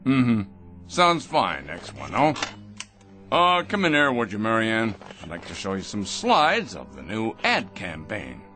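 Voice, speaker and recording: A man's voice: on the low side, huge pitch swings, unhurried, bright, forceful tone, faint music behind, heavily acted. A middle-aged man playing a cold, pompous factory owner who is obsessed with efficiency and speaks condescendingly. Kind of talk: 1960s radio drama acting.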